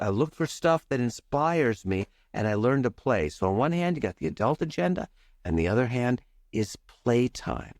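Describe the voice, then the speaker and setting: A man, a charisma coach and podcast guest, talking with playful energy and varying his speed and pitch for emphasis. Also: no echo, clean studio sound. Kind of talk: animated podcast coaching talk.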